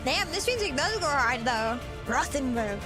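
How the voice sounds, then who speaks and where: A giggly woman streamer with a high, bouncing voice reacts casually, taking her time as she sounds out unfamiliar words. Music plays clearly beneath her talk. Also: sing-song, moderate pace. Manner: giggly, sounding out place names. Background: background music.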